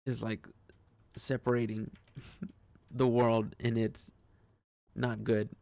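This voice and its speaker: A man's voice: medium pitch, little pitch movement, takes it slowly, gravelly, a little mellow, dry recording. A man talking through a casual personal monologue, hesitant and rambling, with frequent restarts and swearing. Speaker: vlogger.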